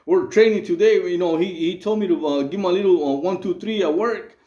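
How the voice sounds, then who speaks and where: A man's voice: high-pitched, fairly quick, mellow, echoey room, highs cut off. A man hosting his channel, talking in a loose, rambling, streetwise way full of fillers. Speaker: channel host. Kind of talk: casual monologue to camera.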